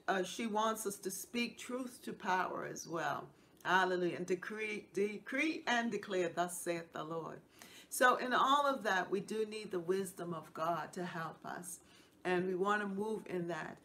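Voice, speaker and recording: A woman's voice: mid-range voice, fairly bright tone, slight background noise. A middle-aged woman hosting a devotional Bible teaching show, speaking in an earnest, repetitive preaching cadence.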